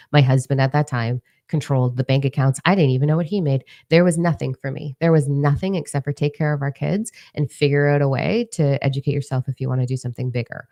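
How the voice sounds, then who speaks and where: A woman's voice: very deep voice, mellow. A middle-aged woman giving a candid motivational monologue, blunt and profane, driving her points home by repeating words. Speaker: motivational speaker.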